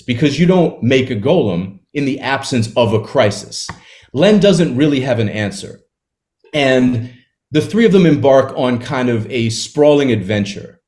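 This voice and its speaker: A man in an interview, talking casually about a book he wrote, retelling its scenes with quick asides. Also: mid-range voice, a little mellow. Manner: conversational, retells scenes with quick acted quotes and laughs. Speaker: author discussing his novel.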